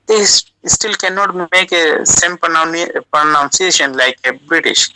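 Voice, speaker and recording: A man whose first language is South Asian talks through an audio call in a sharp, forceful voice. He goes slowly and haltingly, filling gaps with uh and restarting phrases. The sound is dry and close. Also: fairly high pitch, dry recording, rough recording. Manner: slow, halting, many uh fillers and restarts. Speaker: guest giving language advice. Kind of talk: casual advice over an audio call. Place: lives in the United Kingdom.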